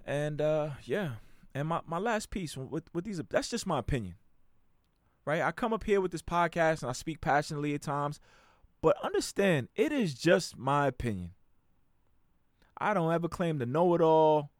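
A young man hosting his own podcast, talking in a casual, animated way with slang and frequent restarts. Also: fairly high pitch, normal speed, no room sound, clean studio sound. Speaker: podcast host.

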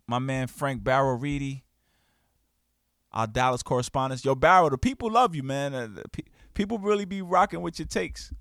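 A man hosting his own podcast, talking in an animated, emphatic, slangy way and acting out quoted friends. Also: mid-range voice, dry recording, studio quality. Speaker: podcast host. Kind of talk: casual podcast monologue. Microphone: studio podcast mic.

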